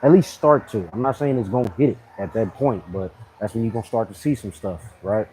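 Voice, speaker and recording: A man in his thirties hosting a casual live fitness chat, blunt and animated, full of slang, often mimicking other people in a higher voice. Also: brisk, a little hiss or hum, poor audio. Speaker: fitness channel host.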